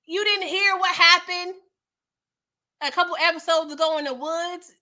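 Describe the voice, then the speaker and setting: A woman's voice: extremely high pitch, fairly even intonation, moderate pace, bright, forceful tone. A young woman hosting a casual recap of a TV episode, chatty and slangy, reacting with exasperation. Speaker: TV recap host.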